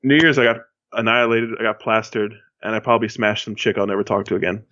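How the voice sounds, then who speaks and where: A man's voice: on the low side, fairly even intonation, fast talker, a bit bright, dry recording. Rambling man on a dull lo-fi mic. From Miami, Florida. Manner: rambling, with many fillers and restarts. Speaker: podcast co-host. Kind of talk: casual chat. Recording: dull lo-fi sound.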